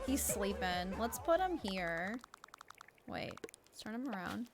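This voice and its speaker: A woman's voice: medium pitch, takes it slowly, over loud music. A woman streaming a game, chatting casually and gushing over her viewers, teary and emotional. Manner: gushing, excitable, laughs often. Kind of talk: casual live-stream chat.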